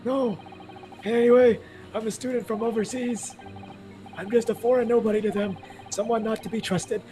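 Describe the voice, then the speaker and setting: A man's voice: high voice, steady tone, normal speed, natural voice. A man reading game dialogue aloud as a panicky young foreign student accused of murder, pleading and frantic. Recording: noisy home mic.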